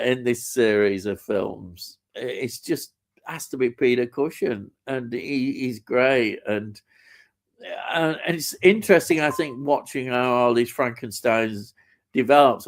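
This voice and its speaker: Middle-aged man, live-stream co-host, relaxed slow delivery, rambling and enthusiastic, lots of fillers. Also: medium pitch. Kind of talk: casual live-stream chat, reading out viewer comments.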